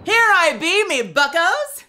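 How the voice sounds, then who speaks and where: A woman's voice: very high voice, very animated, slow, noisy background, pitched above the performer's own voice, full character voice. A woman doing a hammy pirate-speaking trainer. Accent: put-on Scottish. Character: young woman aquarium trainer playing pirate.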